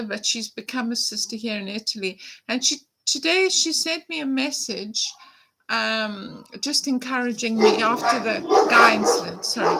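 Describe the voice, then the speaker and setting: A woman in her fifties hosts a casual live stream from a room at home. Her voice sits a little high and rings bright and forceful. She talks in a heartfelt, reflective way and reads viewer comments aloud. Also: vocal fry. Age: 50s. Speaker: perfume vlogger hosting a live stream. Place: home room with a window open.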